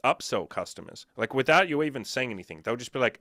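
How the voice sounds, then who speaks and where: A man chatting casually on a podcast as a business coach, swearing a lot and telling animated stories. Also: mid-range voice, fast talker, few pauses, dry recording, clean studio sound. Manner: profane, animated storytelling.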